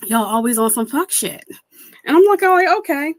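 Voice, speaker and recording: A woman's voice: high-pitched, expressive, brisk. A young woman streamer giving heated commentary, indignant and swearing, mimicking people she quotes.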